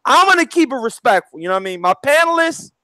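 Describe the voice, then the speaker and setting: A man's voice: very high-pitched, sing-song, quick pace, bright, forceful tone, dry recording, poor audio. A man hosting a casual live-stream chat, laid-back, often adding "you know what I mean". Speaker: host.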